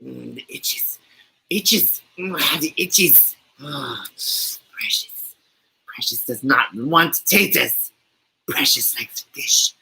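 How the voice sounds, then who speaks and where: A man voicing a Gollum-like male creature in a breathy, rasping whisper, hissing and fawning over his precious. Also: mid-range voice, takes it slowly, sharp tone, full character voice, poor audio.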